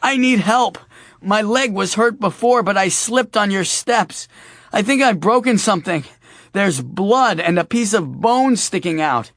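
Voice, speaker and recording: A man voicing a young man who loudly fakes an injury with overacted wails. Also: high voice, lively intonation, measured pace, no room sound, clean studio sound, voice pushed up, full character voice. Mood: pleading. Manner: overacted wailing cries.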